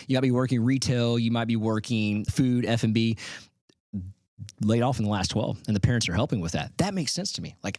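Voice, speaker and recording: A man's voice: medium pitch, no echo, clean studio sound. A middle-aged man hosting a podcast, giving casual, emphatic commentary on survey numbers with frequent restarts. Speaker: podcast host. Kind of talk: solo commentary on survey results.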